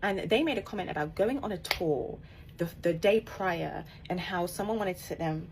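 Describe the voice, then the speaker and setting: A woman telling a personal story in a casual, animated way, emphatic and laughing as she goes. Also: fairly low pitch, moderate pace, gravelly, a little hiss or hum. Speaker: author and podcaster.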